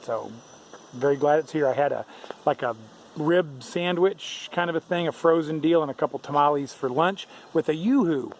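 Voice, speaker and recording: A thru-hiker vlogger with a slightly high voice chats to his camera at a moderate pace while hiking a long mountain trail beside a stream. His narration is easygoing and packed with fillers, recorded on a handheld camera mic with poor audio and faint outdoor background noise.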